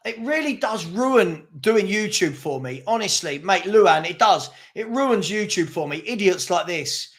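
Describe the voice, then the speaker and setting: A man's voice: high-pitched, lively intonation, unhurried, hardly any pauses. A young man hosting a live football watchalong, calling the play and ranting at his chat. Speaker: watchalong host. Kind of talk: live match commentary and chat.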